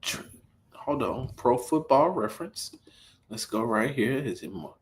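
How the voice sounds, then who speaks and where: A man hosting a casual sports talk livestream, animated and incredulous, repeating himself as he gets worked up. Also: measured pace, a little hiss or hum. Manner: animated, incredulous, repeats himself, rising pitch when riled up. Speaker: host of a sports talk stream.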